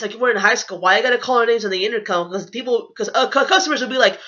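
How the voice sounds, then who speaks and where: Fast, bright-voiced ranting young woman. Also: mid-range voice. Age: young adult. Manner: blunt, profane, indignant. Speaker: vlogger. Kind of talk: casual storytime rant. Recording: dull lo-fi recording.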